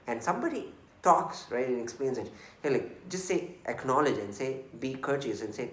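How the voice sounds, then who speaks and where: A man's voice: medium pitch, animated, normal speed, a bit bright. A man from India with an Indian English accent, giving an earnest, repetitive coaching talk on IT work and acting out sample dialogue. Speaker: IT trainer. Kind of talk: casual instructional talk. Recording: roomy echo.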